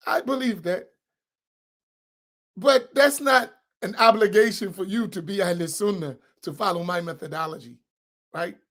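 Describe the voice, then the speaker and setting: Man, imam, gravelly voice, informal teaching, keeps checking in with listeners. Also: sits high, a bit bright. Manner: conversational, keeps asking listeners "right?"; emphatic, repeats key phrases. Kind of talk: informal religious class talk.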